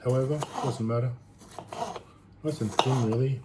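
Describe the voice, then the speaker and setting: A man chatting casually while cooking in his home kitchen, rambling and thinking out loud. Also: mid-range voice, fairly even intonation, moderate pace. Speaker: home cook vlogger. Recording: noisy home recording.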